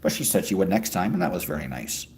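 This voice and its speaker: A man's voice: sits low, quick pace, gravelly, darkish tone, a little hiss or hum. A man livestreaming while out walking, answering his chat in a joking, crude, rambling way. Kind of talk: casual chat. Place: walking outdoors in a city.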